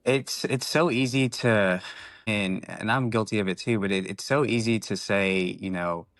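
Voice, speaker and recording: A man with a low voice talks earnestly in a casual podcast chat. The sound is dry and close, with no room echo. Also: moderate pace, a bit bright.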